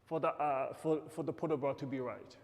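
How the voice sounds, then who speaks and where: A man's voice: medium pitch, brisk, long reverb tail. A man teaching a ballet class, counting beats and giving short corrections and praise. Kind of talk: live class instruction. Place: dance studio.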